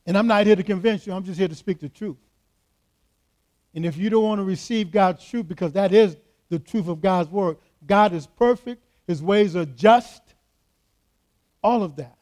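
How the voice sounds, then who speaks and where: This is a man pastoring in church, with a voice pitched high for a man. He drives each point home with emphatic repetition. He speaks directly to his congregation. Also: normal speed, pauses often, a little mellow. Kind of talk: sermon.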